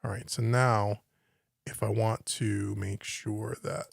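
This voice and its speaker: A man's voice: fairly low pitch, little pitch movement, slow, gravelly, no room sound. Man thinking aloud in a dry studio. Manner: thinking aloud, musing and puzzling over the screen. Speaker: home recording teacher. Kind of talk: live-stream software walkthrough. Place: home studio.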